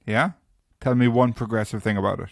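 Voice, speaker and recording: A man's voice: medium pitch, fairly even intonation, fairly quick, creaky, dry recording, studio quality. A man hosting a casual podcast chat, teasing his friends and steering them back to the questions. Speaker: podcast host.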